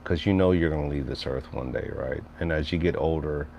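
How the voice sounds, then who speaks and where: A man's voice: rumbling low, brisk, vocal fry, darkish tone, slight background noise. A middle-aged man rambling casually on a livestream, reading chat messages aloud and answering viewers. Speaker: livestream host.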